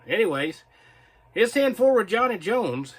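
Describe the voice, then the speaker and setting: A man's voice: high-pitched, very animated, a little slow, breathy edge. A man hosting his own video channel, reading viewer comments and rambling in a casual, chatty, self-mocking way. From North Carolina, US. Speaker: video host.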